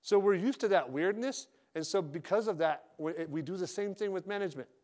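A man's voice: high voice, a little fast, a little mellow. Blunt, joking sales manager, man. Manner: direct, joking, casual with slang. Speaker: sales manager speaking at a company retreat. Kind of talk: motivational sales talk.

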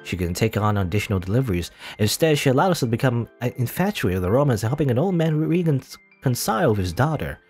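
Male gamer reading a story game aloud, animated and casual, soft music underneath. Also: medium pitch, quick pace, hardly any pauses, slightly rough. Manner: casual, chuckling asides. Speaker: let's play host. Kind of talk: reading a game's text aloud with asides.

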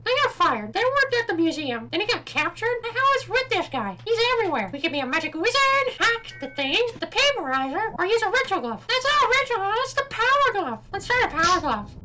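Very high-voiced, excitable woman gamer. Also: poor audio. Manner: excitable, swears a lot, reacts loudly. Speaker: gameplay commentator. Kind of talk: let's play commentary. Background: game music.

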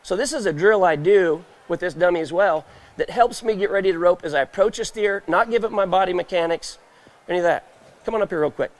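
A high-pitched man with a drawl teaches roping on a trade show stage. His talk is folksy, and he keeps firing questions at the crowd and acting out little scenes. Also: brisk. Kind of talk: live demonstration talk to a crowd. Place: indoor trade show stage, live audience.

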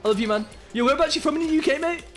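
A young man from Birmingham with a Birmingham accent, chatting excitably and in slang while streaming a game. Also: very high voice, racing, over music. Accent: Birmingham English. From Birmingham, England. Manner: excitable, slangy, many hums of agreement. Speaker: live streamer. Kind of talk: casual gaming stream chat.

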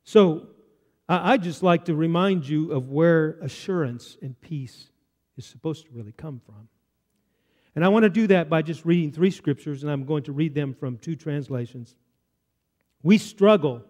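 A man preaching a sermon as pastor, earnest, slowing down to read scripture aloud. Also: a little high, darkish tone. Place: church sanctuary. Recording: long reverb of a church hall.

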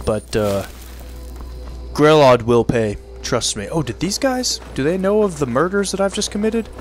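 A man giving joking let's-play commentary, partly in character, often laughing and yelling at enemies. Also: a little high, animated, normal speed, faint music behind. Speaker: gaming video creator.

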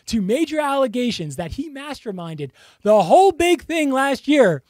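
A man's voice: extremely high pitch, very animated, normal speed, darkish tone, no echo, clean studio sound. A man narrating analytical commentary over video clips, with a pointed, accusing tone. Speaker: body language commentator.

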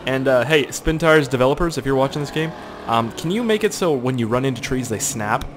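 A young gaming video host from Nova Scotia, Canada, gives casual gameplay commentary that is rambling and crude, swearing often through an irritated throat and putting on silly voices for people he quotes. His mid-range voice is expressive and fairly quick, with a little hiss or hum.

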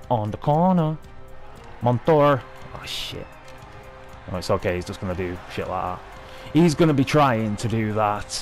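A young man giving excitable, sweary live commentary over his own hockey video game match. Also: medium pitch. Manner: sweary, excitable, talking at the screen. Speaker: gaming video host.

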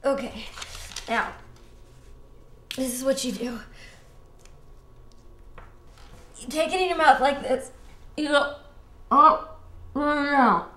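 Actress as a brash, potty-mouthed young woman; high and unhurried, roomy room sound. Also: a bit bright. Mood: instructing. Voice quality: crude, profane, drill-sergeant bossy. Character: bossy, foul-mouthed young woman coaching herself. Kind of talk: comedy short film acting.

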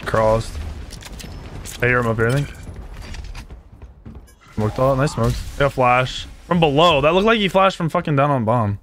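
A man streaming a shooter game, chatting and calling out plays to his teammates in a loud, excitable way, swearing often. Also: mid-range voice, moderate pace, pauses often, faint music behind. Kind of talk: casual gaming chat with teammates.

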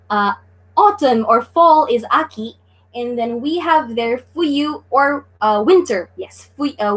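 A woman's voice: fairly high pitch, breathy edge. A woman from the Philippines hosting a casual live-streamed Japanese lesson, chatty and full of fillers. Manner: chatty, many fillers and "guys".

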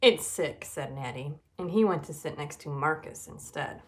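Woman, children's story read-aloud, slightly low voice, expressive, emphatic. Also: normal speed. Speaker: nutrition educator.

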